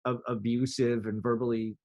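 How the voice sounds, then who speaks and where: A man telling a story in a casual interview, animated, filling his talk with "like" and acting out quotes. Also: mid-range voice, moderate pace. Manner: animated, many "like" fillers, acts out quotes. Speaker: podcast guest, drummer.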